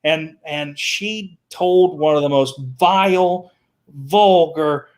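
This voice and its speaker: A man telling animated stories as a guest on a talk show, repeating words and acting out the people he quotes. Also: a little high, slow pace. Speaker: guest, children's entertainer. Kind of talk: animated storytelling.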